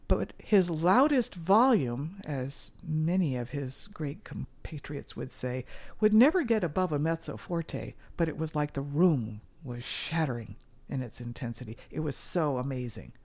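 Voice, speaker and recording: A middle-aged woman with a slightly low voice talks as a guest in a casual interview. She is earnest and animated. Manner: earnest and animated, with sudden loud mimicry. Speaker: guest musician.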